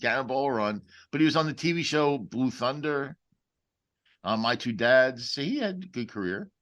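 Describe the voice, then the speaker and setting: A man co-hosting a podcast, chatting casually and with enthusiasm, full of trivia and quick opinions. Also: mid-range voice, expressive, a bit bright. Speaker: podcast co-host. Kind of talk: casual chat.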